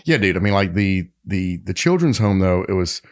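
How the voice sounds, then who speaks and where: Lower-voiced man telling stories on a podcast. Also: normal speed. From Tennessee, United States. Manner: animated storyteller, frequent fillers and restarts. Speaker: podcast co-host. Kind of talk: casual chat.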